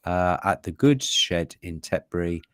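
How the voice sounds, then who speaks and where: Low-voiced joking man. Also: animated, measured pace, smooth, no room sound, studio quality. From England. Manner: rambling, joking, self-mocking. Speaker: co-host. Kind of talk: casual live show chat.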